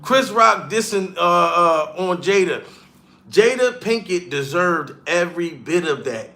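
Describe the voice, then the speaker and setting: A man's voice: high voice, animated, unhurried, sharp tone. A comedian streamer ranting profanely and mockingly on a live stream, calling out to chat as he goes. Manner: profane, heated, mocking rant.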